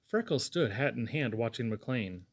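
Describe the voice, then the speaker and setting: A man narrating a classic novel chapter as an audiobook reader, in a measured, expressive reading. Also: mid-range voice. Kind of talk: scripted narration.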